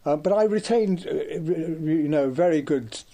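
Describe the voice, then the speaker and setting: A man's voice: a little high, normal speed, dark tone. An older man from Devon, a guest reminiscing about his life, hesitant and full of ums and restarts. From Devon, England. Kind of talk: reminiscing conversation.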